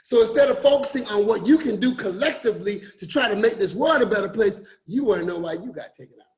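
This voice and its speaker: A man giving a motivational talk to an online group, repeating his points and swinging between loud emphasis and quiet drops. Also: sits high, animated, quick pace. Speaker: forex coach and motivational speaker.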